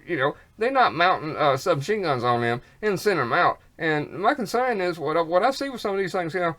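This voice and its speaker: Fairly quick and expressive, a vlogger with a medium-pitched, fairly bright voice rambles on with repeated words, rhyming wordplay, and folksy slang. Congestion and a cough come through as he talks.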